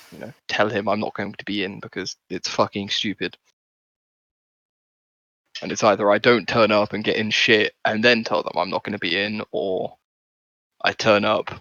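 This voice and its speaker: A man's voice: lowish voice, a bit bright, no room sound. A man playing a tabletop game over a voice call, weary and rambling, swearing about his job. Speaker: player. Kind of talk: casual chat over a voice call. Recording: dull dry mic on a call.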